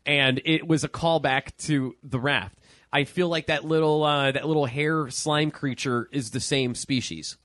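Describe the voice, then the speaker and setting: Casual: excitable podcast guy, a bit high-pitched, swears a lot, dry mic. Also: unhurried, dry recording. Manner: excitable, swears, mock-annoyed. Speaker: podcast co-host. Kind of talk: casual banter about movies and TV.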